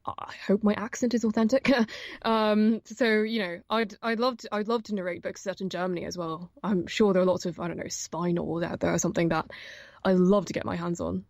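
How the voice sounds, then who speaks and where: A woman's voice: mid-range voice, steady tone, fairly quick, a little mellow, no echo, muffled recording. A young woman, an audiobook narrator, chatting casually as an interview guest, with many fillers and frequent laughs. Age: young adult.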